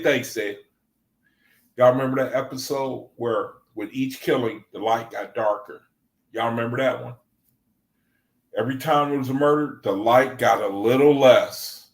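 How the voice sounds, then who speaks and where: A man in an echoey room speaks into a desk microphone at a middling pitch. He leads a casual livestream scripture study. He talks loosely, keeps adding "man," and reads passages aloud between his remarks. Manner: loose and conversational, often adds "man". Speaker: Bible study group leader.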